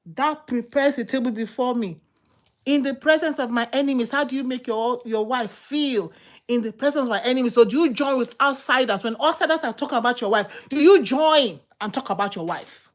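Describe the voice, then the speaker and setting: A woman's voice: fairly high pitch, fairly quick. A woman preaching a sermon, fired up and emphatic, firing off repeated rhetorical questions.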